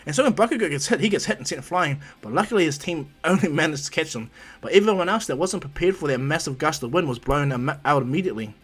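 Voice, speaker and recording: A man's voice: a little high, animated, fast, a bit bright, slightly rough. A man casually narrating a fan story in a rambling way, with lots of fillers.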